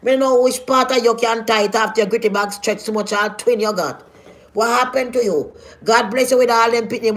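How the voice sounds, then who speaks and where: A woman's voice: a little high, a bit bright. A woman with a Jamaican accent delivering a scolding, confrontational vlog rant full of rhetorical questions. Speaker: vlogger. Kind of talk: ranting vlog.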